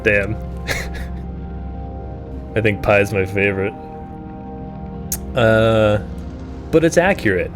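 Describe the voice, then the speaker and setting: A man streaming a game live, thinking aloud and breaking into startled, high-pitched exclamations. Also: animated, drawn-out words, long pauses, over music. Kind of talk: live gameplay commentary.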